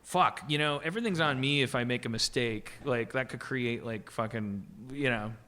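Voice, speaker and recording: A man's voice: medium pitch, normal speed, bright, forceful tone, slight background noise. A man hosting a comedy podcast, riffing casually with lots of "like," restarts and swearing. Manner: rambling, repeats "like" and restarts, swears. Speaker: podcast host. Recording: live podcast stage.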